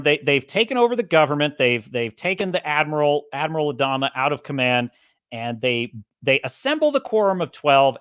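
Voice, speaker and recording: A man chats on his podcast in a bright, forceful voice that swings widely up and down. He rambles and restarts as he retells a story. The sound is dry and close, with no room in it. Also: medium pitch, no room sound. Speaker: podcast host. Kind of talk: casual opinionated chat.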